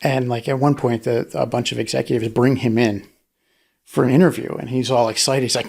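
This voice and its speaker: Man, gravelly voice, middle pitch, rambling podcast talk, restarts and fillers. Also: steady tone, a little fast, darkish tone. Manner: rambling, many restarts, acts out quotes in a high voice. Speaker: podcast co-host. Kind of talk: casual discussion.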